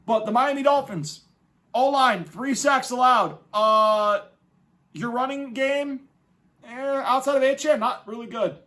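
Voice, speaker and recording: High-voiced ranting sports podcast host. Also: male voice, unhurried. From New England, United States. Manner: animated, mocking, profane rants. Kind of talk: casual sports commentary.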